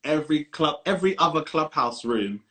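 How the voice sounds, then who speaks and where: A man's voice: a little high, animated, a little fast, a bit bright. A young man with a London accent, co-hosting a casual podcast and speaking bluntly and emphatically with plenty of slang. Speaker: podcast co-host. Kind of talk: casual chat.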